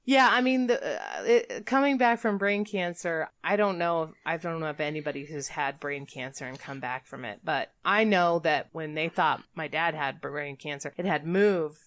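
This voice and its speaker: A woman's voice: sits low, animated, moderate pace, few pauses, a bit bright, no echo. A woman co-hosting a podcast in casual chat, wry and sarcastic. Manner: wry, sarcastic, laughs often. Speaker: podcast co-host.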